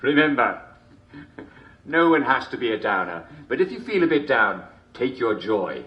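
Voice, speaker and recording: A man's voice: medium pitch, big pitch swings, normal speed, dull audio, close to an everyday voice. An actor playing a jolly TV show host, chuckling constantly between lines in chummy showman patter. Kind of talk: video game character performance.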